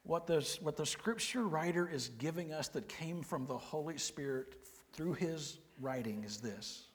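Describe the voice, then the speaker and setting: A man, preaching a sermon with folksy, humorous storytelling and quiet, earnest emphasis. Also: on the high side, normal speed. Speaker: pastor. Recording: long hall reverb.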